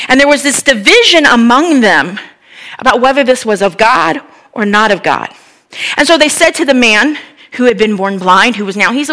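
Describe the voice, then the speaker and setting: A woman preaching a sermon, retelling a Bible story in a lively, conversational way with frequent asides. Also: fairly high pitch, normal speed.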